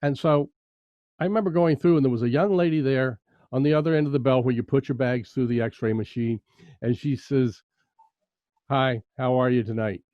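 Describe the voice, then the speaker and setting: A man's voice: medium pitch, a little fast, no room sound. A man chatting in a casual interview, an enthusiastic, emphatic storyteller. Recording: dry, slightly dull sound.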